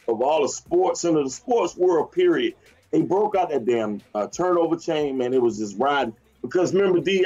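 Male co-host, casual and heated, slangy sports banter; middle pitch, muffled audio. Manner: fired-up, slangy, swears freely. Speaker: sports talk show co-host.

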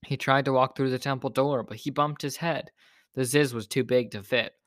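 A man reading a children's picture book aloud in a gentle, expressive way. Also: medium pitch, normal speed, dry recording, studio quality. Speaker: storyteller.

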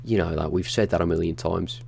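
A man's voice: deep voice, fairly even intonation, a little fast, vocal fry, a little mellow, breathy edge. A young man co-hosting a gaming podcast, blunt, sweary and teasing in casual chat. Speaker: podcast co-host.

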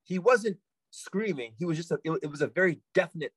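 A man telling a long story as a podcast guest, in a casual animated way, repeating himself and filling with "like". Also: on the high side, fairly quick, slightly rough, dry recording, poor audio.

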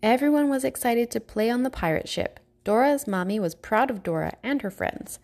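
A woman narrating a children's storybook aloud with clear, expressive reading. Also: on the high side, moderate pace.

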